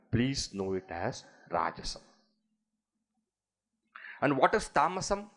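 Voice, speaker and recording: A man with an Indian English accent giving a spiritual discourse on scripture, telling stories and acting out the people in them. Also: mid-range voice. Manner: animated storytelling, acts out quoted voices.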